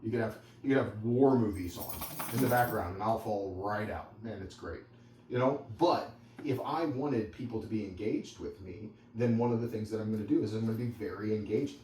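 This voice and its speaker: A dog trainer with a fairly low, slightly mellow voice talks fairly quickly to a small group. His teaching is conversational and rambling, full of anecdotes and asides. The room echoes, the mic sits at a distance, and there's faint background noise.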